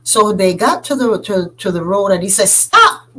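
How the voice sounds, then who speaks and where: Woman storyteller, husky, animated, jumps into character voices, slows down for drama. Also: rough recording. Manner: animated, acting out each character's lines with big pitch jumps. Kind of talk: oral storytelling.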